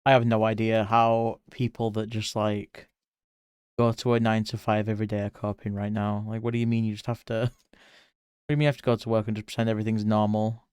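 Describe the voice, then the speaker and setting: A man's voice: lowish voice, flat delivery, quick pace, a little mellow, clear, resonant tone, no room sound, clean studio sound. A man with a British accent, an art streamer chatting casually with his viewers while he draws. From Britain. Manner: reads chat aloud and answers viewers by name, chatty. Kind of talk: casual livestream chat while drawing.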